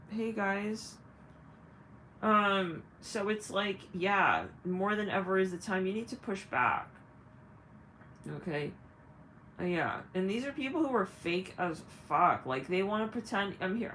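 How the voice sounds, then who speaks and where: A woman's voice: mid-range voice, lively intonation, moderate pace, a bit bright, a little hiss or hum, low-quality recording. Blunt, salty woman psychic reader. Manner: frank, blunt, laughing, sometimes swearing. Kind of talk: live-stream spiritual reading.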